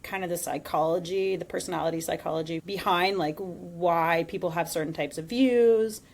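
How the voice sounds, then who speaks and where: A woman co-hosting a casual podcast, chatty and animated, laughing often. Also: fairly low pitch, moderate pace. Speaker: podcast co-host.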